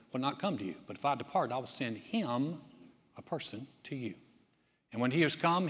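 Pastor preaching in a reverberant hall. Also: male voice, mid-range voice. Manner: conversational, builds to loud emphatic preaching. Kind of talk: sermon. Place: church sanctuary.

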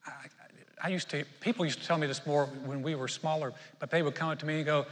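A fairly high-voiced man preaches in a church, his words trailing off into a long reverb. He moves from easy storytelling to emphatic, building exhortation. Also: fairly even intonation, fast, fairly bright tone. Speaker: pastor. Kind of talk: sermon. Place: church sanctuary.

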